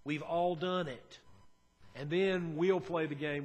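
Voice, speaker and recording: A man preaching a sermon as a pastor, talking in an earnest, conversational way and moving between quiet and emphatic moments. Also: a little high, fairly even intonation, slow pace.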